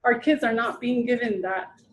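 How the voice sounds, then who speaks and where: A woman's voice: fairly high pitch, steady tone, moderate pace, low-quality recording. A woman in her thirties giving an informal training lecture, talking conversationally, restarting sentences and acting out quotes. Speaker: presenter at a training session.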